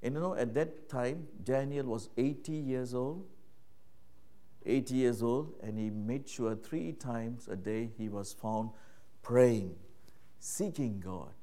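Speaking slowly, a preacher keeps his sermon conversational, leaning on phrases like "you know" and "right?" as he moves between quiet, low stretches and loud, raised ones.

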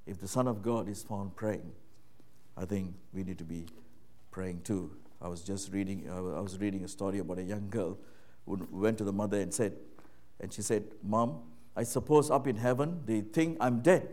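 Speaking at a moderate pace, this male preacher keeps his sermon conversational with frequent "you know"s and "right?"s. He drifts from soft, hushed lines into booming passages.

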